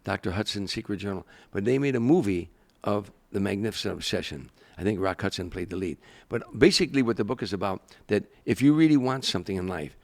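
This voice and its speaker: An older comedian telling stories in an interview, animated and acting out the people he quotes. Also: fairly low pitch, fast, few pauses. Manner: animated storyteller, acts out quoted voices. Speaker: guest, comedian. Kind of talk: storytelling interview.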